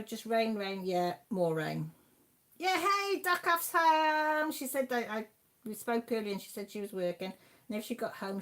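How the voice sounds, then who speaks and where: Chatty woman reading out viewer comments. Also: on the high side. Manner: chatty, reads out viewer messages and replies warmly. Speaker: livestream host.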